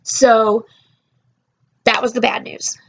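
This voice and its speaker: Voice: mid-range voice, little pitch movement, takes it slowly, a bit bright. A young adult vlogger telling a personal story in casual, heartfelt chat, rambling with fillers and restarts.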